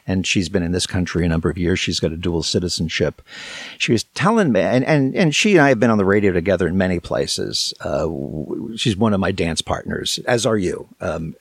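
An American man, a broadcasting veteran, telling stories as a guest in rambling, animated fashion. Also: sits low, no echo. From United States. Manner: rambling, animated storytelling with chuckles. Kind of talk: casual interview chat.

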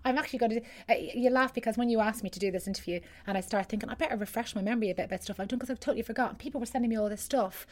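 A chatty, middle-aged Irish singer is a guest in a casual conversation, telling meandering stories full of restarts. Her slightly high voice comes out rapid-fire, with few pauses.

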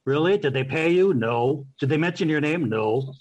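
A man's voice: a little high, expressive, normal speed, muffled recording. A married man chatting casually on a podcast, telling anecdotes. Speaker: podcast co-host. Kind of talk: casual chat.

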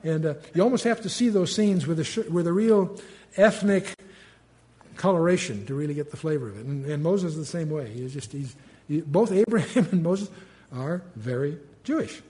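An older man, his voice sitting a little high, teaches the Bible like a chat among friends. He reads old verses aloud with swelling emphasis, then drops back into easy asides full of "you know" and "uh", recorded close on a podcast mic. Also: expressive, normal speed, warm tone.

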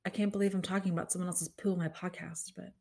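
A woman's voice: fairly low pitch, flat delivery, fast talker, vocal fry, darkish tone. A young woman hosting her own podcast, talking in a rambling, incredulous way with many restarts. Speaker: podcast host. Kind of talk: casual solo podcast commentary.

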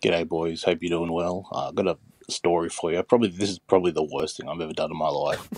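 A man's voice: deep voice, steady tone, quick pace, a little mellow, dry recording. A man with an Australian accent telling a confession story in a voice message, casual and swearing. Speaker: listener sending a voice message.

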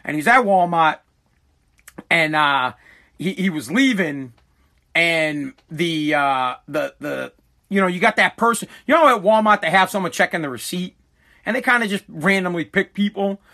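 A middle-aged man rants through a comedic monologue in a fairly high register, swearing freely as he rambles through his stories. His voice is bright and sharp, and his delivery is blunt, loose and unfiltered. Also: lively intonation, moderate pace. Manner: profane, blunt, rambling storyteller.

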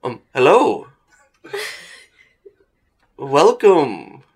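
A man's voice: mid-range voice, huge pitch swings, very slow, darkish tone, slightly rough, pitched above the performer's own voice, exaggerated voice. A man voicing a pompous, flamboyant male theater director in a tabletop game. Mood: grandly welcoming.

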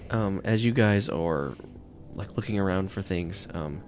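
A man's voice: sits low, measured pace, a little mellow, smooth. A man narrating a tabletop game as game master, rambling and filling with "like" and "um.". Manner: rambling, full of "like" and "um".

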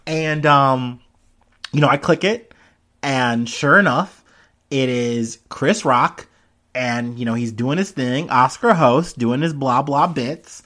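A man's voice: mid-range voice, slow pace, a bit bright. A young man hosting a casual news commentary, rambling with lots of fillers and frequent swearing. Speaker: commentary host.

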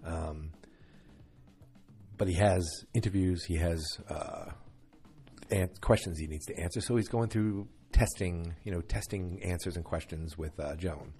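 A man's voice: deep voice, measured pace, dark tone, faint music behind. A tired man yawning through a chatty, rambling late-night recap of a TV episode, full of fillers.

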